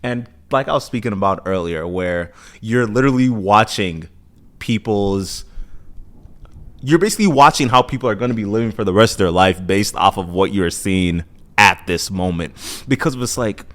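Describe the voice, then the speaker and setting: A relaxed American man in his twenties, with a somewhat low voice, chats through a casual podcast monologue. He rambles, drifts into asides, and stops to fix his own words, with a sigh here and there. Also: normal speed. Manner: loose, chatty, self-correcting with sighs and asides. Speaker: podcast host.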